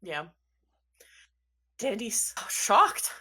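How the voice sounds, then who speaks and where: A woman's voice: medium pitch, moderate pace, fairly bright tone. A woman runs a tabletop game as game master, narrating scenes in a casual, loose way. She breaks off with laughing asides and the occasional swear word.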